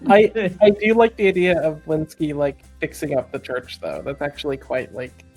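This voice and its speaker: A man playing in a tabletop game, talking in a relaxed way with fillers. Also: on the high side, moderate pace, faint music behind. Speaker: player. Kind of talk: casual tabletop play.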